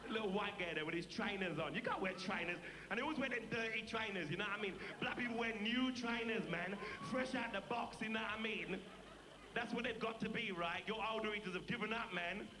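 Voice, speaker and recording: A man's voice: high-pitched, a little fast, voice pushed up, natural voice. A man playing a brash, boastful young Brixton man with a South London accent in a stand-up character act. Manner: boastful, swaggering patter. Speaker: comedian in character. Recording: roomy noisy live tape.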